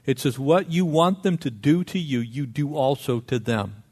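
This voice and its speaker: A middle-aged man preaching a sermon, lively and conversational, acting out little dialogues. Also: medium pitch, normal speed, husky. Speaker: pastor.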